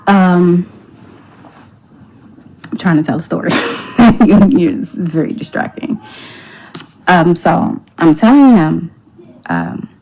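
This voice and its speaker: A woman's voice: on the low side, slow, long pauses, a little mellow, low-quality recording. A woman telling a personal story in casual talk, speaking candidly, quoting others and swearing freely, often dropping almost to a whisper. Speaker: storyteller in a clip.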